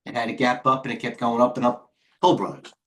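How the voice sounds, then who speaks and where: A middle-aged man, the host of a live trading stream, talks quickly and excitably as he moves from chart to chart. His voice sits at a medium pitch. He breaks off to greet viewers in the chat by name. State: out of breath. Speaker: host and head trader.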